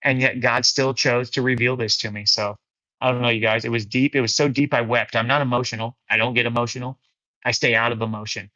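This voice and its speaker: A bright, forceful man's voice gives a casual spiritual talk on a livestream. His delivery is earnest and laid back, and he often drops in "man" and "dude." The sound is dry and a little dull. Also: mid-range voice, level tone, fast talker, no room sound. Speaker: livestream host of a faith fellowship. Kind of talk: casual spiritual talk, reading viewer comments.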